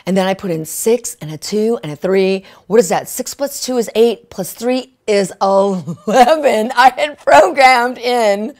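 Excited woman preacher, higher voice. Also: unhurried, hardly any pauses. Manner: excitable storytelling, frequent "right?" and "okay?"; laughs often mid-sentence. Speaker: minister. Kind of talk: testimony sermon.

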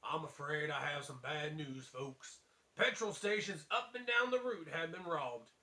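A man doing a grave low-voiced sheriff car. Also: lively intonation, measured pace, sharp tone, roomy sound. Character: solemn older male police car.

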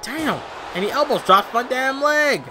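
Rowdy high-voiced young man gaming. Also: animated, measured pace, a little hiss or hum. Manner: rowdy, swearing, yelling at the game. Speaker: gaming YouTuber. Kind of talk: casual let's-play commentary.

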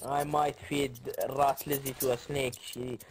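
Flat gravelly man playing a professor. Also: mid-range voice, measured pace, slight background noise. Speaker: player roleplaying a school professor. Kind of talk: in-character game roleplay.

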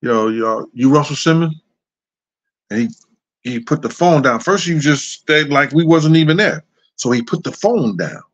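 A man's voice: on the high side, expressive, moderate pace, slightly rough. A middle-aged man hosting a show, telling casual anecdotes in a loose, repetitive, chuckling way. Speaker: host. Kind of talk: casual storytelling.

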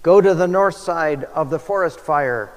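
A pastor voicing a hurried photographer who shouts urgent orders at a pilot. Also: male voice, fairly high pitch. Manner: urgent, commanding. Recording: long church reverb.

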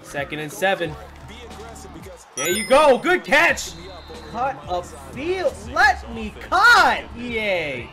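A young man commentating his football video game play, excitable and frequently swearing and yelling at the players. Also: very high-pitched, takes it slowly, over music. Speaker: gaming commentator.

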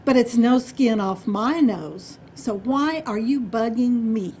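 A woman's voice: a little high, slow pace, darkish tone, slight background noise. A woman doing an offhand, unbothered cow. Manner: offhand, mildly irritated.

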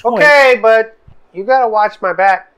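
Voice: mid-range voice, measured pace, fairly bright tone, smooth, pitched above the performer's own voice, natural voice. A game master voicing a quirky, nervous female stowaway with offhand, shrugging replies.

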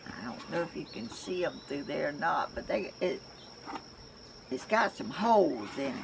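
Talking casually to camera outside her home, a crafts vlogger from Georgia, an older woman with a Southern accent, wanders from thought to thought and often starts sentences over. She has a deep, creaky, sing-song voice at normal speed, with background noise present.

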